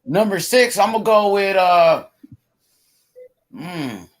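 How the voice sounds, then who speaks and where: High-voiced man hosting a boxing chat. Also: animated, slow. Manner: thinks aloud with many fillers and restarts. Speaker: host of a live boxing show. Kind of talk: casual live boxing commentary chat.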